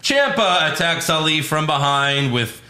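A man's voice: on the high side, big pitch swings, a little slow, pushed and bright, roomy sound. A man co-hosting a casual podcast, recapping a show with sarcastic jokes. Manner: sarcastic, does mocking voices of people. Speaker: podcast co-host recapping wrestling. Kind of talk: casual chat.

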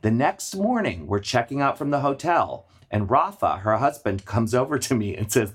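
Animated man telling a backstage story. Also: mid-range voice, moderate pace, hardly any pauses, husky. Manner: animated storyteller, bursts of laughter. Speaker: drag performer and theater producer. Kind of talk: casual podcast chat.

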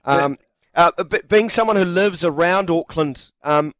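Chatty New radio host, dry studio sound. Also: male voice, fairly high pitch, a little slow, fairly bright tone, no echo. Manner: chatty, reads quotes aloud, jokey. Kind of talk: casual sports radio chat.

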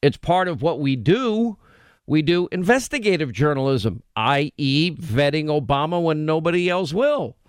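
A middle-aged man with a New York accent hosting a talk radio show, emphatic and quick, often breaking off mid-sentence. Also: fairly high pitch, animated, smooth, no room sound. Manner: emphatic, rapid, self-interrupting.

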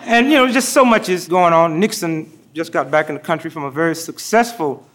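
A man doing a stand-up comedy set on a TV show, telling stories with deadpan punchlines before a live studio audience. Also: on the high side, a little fast.

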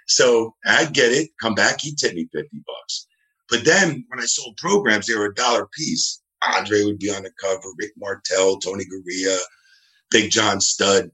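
A middle-aged man from New Jersey, a guest telling animated, rambling stories in a casual interview. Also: lowish voice, normal speed, low-quality recording. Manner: rambling, animated, acts out quoted dialogue.

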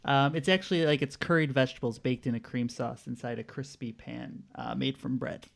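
A man hosting a casual quiz podcast, relaxed, chuckling often and filling pauses with uhs. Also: mid-range voice, vocal fry. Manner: laid-back, chuckling, with filler uhs. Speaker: quiz host.

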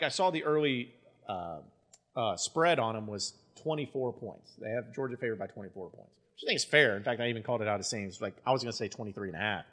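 A man hosting a sports podcast, talking casually in animated bursts, full of restarts and fillers. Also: mid-range voice. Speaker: podcast host.

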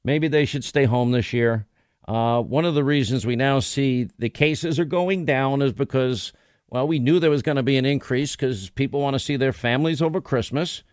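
A man's voice: medium pitch, moderate pace, a little mellow, no echo, clean studio sound. A middle-aged man hosting a radio talk show, talking bluntly and rambling with many restarts. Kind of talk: casual talk radio monologue.

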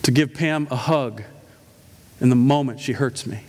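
A man's voice: mid-range voice, normal speed, a little mellow. A middle-aged male pastor preaching a sermon, telling stories with emphatic, humorous asides. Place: church sanctuary. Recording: echoey church hall.

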